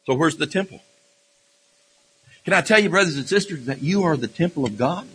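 A man preaches a sermon in a high, bright, husky voice. He speaks with fervor but often stumbles and restarts his phrases. His voice rings out with a long echo through a church hall. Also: animated. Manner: impassioned, halting with repeated restarts and fillers. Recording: reverberant hall.

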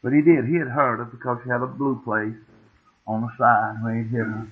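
A man's voice: medium pitch, level tone, brisk, husky. A middle-aged man, preaching a sermon as a folksy, homespun story, often asking the congregation questions. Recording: tinny phone-like old tape.

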